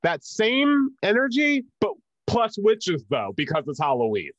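A man's voice: sits high, huge pitch swings, unhurried, fairly bright tone, no room sound, highs cut off. A young adult man co-hosting a podcast, chatting casually with blunt, opinionated jokes. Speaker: podcast co-host. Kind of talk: casual rewatch podcast chat.

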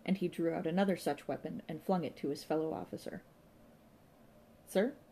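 A woman narrating an audiobook in a wry, deadpan manner. Her voice sits fairly low, with a mellow, relaxed tone and steady pacing. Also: fast, gravelly, slight background noise. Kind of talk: scripted narration.

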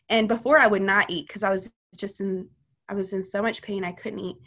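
A woman's voice: medium pitch, fairly even intonation, brisk, a bit bright. A woman speaks as a podcast guest, recounting a personal testimony. She is earnest and chatty, and her sentences keep running on with fillers.

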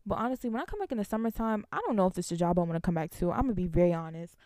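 A woman's voice: fairly low pitch, very fast, no echo, clean studio sound. Young woman venting in a casual storytime. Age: young adult. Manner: animated, venting, laughs between lines. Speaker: college student vlogger. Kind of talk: casual storytime chat to viewers.

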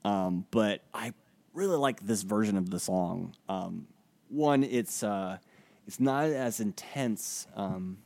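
Slow, gravelly, and on the low side with a darkish tone, a man co-hosts a podcast in relaxed conversation. He hesitates often and uses many fillers.

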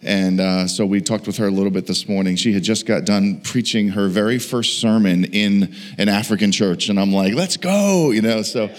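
A man's voice: fairly low pitch, level tone, moderate pace, few pauses. Brief man in his 50s, evangelist, folksy humorous sermon delivery, church setting.

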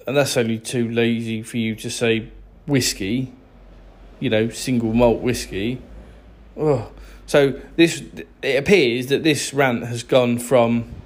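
A man with an English accent, ranting sarcastically and with exasperation to camera. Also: medium pitch. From England. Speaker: vlogger.

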